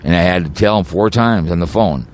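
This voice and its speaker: With a low voice and brisk delivery, a man rants on his own podcast in an agitated, rambling way, full of repetition and stumbling restarts.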